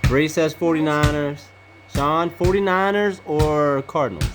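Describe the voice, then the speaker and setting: Woman podcast host, deep for a woman, brisk and matter-of-fact, tallies everyone's picks in a casual family chat. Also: over music. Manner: brisk, calls on each person and repeats their picks.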